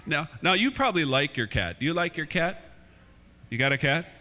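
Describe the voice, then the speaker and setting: A man's voice: a little high, animated, fairly quick, sharp tone. A man doing playful family stand-up comedy in a church hall, chatting with kids in the crowd, on an old VHS recording.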